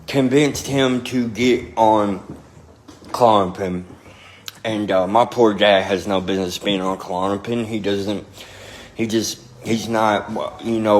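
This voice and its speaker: A man's voice: fairly low pitch, a little hiss or hum. Blunt drawling man telling a story. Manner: blunt, profane, drawling storytelling with filler repetition. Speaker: storyteller recounting his past. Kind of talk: casual storytelling to camera.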